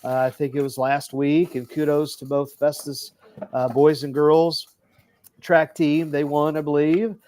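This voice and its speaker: A man's voice: fairly high pitch, flat delivery, a little slow, warm tone. A man hosting a casual sports podcast, rambling with lots of fillers and giggles. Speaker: podcast host and coach. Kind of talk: casual chat.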